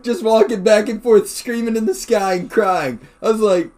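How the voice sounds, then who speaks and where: Swearing freely and laughing often, a young man co-hosting a podcast spins animated stories in relaxed conversation. His voice is high-pitched and his pace moderate.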